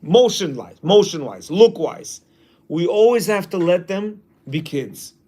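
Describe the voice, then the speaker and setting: A man's voice: high voice, very animated, unhurried, dark tone, husky. A man teaching a class in a casual way, reading a passage aloud and then commenting, often acting out quoted lines.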